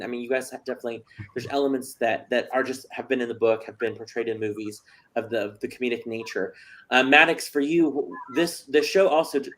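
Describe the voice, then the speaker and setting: A man hosting a casual chat interview, joking and chatty with plenty of fillers. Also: medium pitch. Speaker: host.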